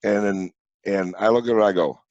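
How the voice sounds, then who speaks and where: A man's voice: lowish voice, steady tone, a little fast, darkish tone, no room sound, lo-fi sound. A middle-aged man from St. Louis telling blunt, profane stories in a casual podcast chat. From St. Louis, USA. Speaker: podcast guest.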